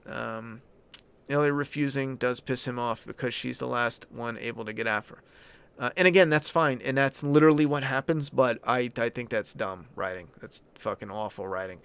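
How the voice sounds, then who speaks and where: A man's voice: mid-range voice, moderate pace, fairly bright tone, clean tone. Blunt, swearing man ranting. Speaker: channel host. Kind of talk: casual opinion commentary, answering viewer chat.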